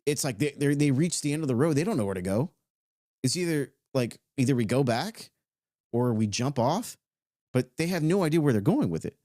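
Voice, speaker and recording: A man's voice: mid-range voice, very animated, a little fast, dark tone, dry recording, clean studio sound. A man giving a loose, conversational motivational talk, now and then swearing and stretching out words. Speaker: self-help speaker.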